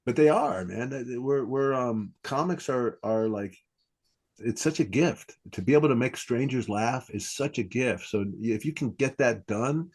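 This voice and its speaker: Husky-voiced man in casual chat. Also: unhurried. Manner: animated, acts out quoted lines in a higher voice. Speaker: comedy coach and podcast host.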